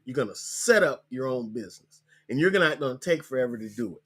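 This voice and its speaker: A man hosting a live online session, coaching viewers on starting a business, talking casually, repeating links slowly and ending lines with "okay?". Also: mid-range voice, animated, fairly bright tone, slightly rough. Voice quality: hiccups. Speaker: podcast host.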